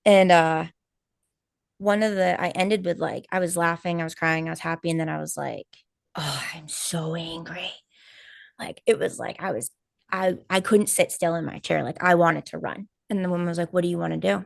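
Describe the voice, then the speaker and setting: A woman co-hosting a live stream, telling a personal story in casual chat, animated and full of fillers and quoted asides. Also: fairly low pitch, fairly quick, gravelly, no room sound, clean studio sound. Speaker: co-host of a spiritual healing live stream.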